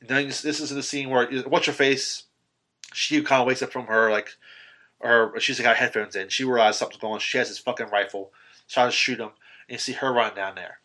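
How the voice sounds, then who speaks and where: A man on a podcast excitedly retelling a horror film's ending in casual, profanity-laced chat, full of ums and restarts. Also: mid-range voice, brisk. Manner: animated retelling, swearing, filler-heavy. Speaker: podcast host. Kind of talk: casual film recap chat.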